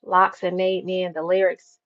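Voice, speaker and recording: A woman hosting a casual chat show, telling stories in an animated way, full of slang. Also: fairly low pitch, measured pace, no room sound. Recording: dull dry lo-fi sound.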